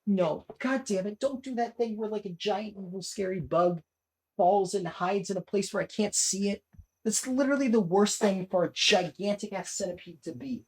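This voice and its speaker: A young woman streamer giving casual gameplay commentary at her home desk, swearing a lot and turning panicky and excitable. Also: medium pitch, normal speed, slightly rough. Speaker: gaming streamer.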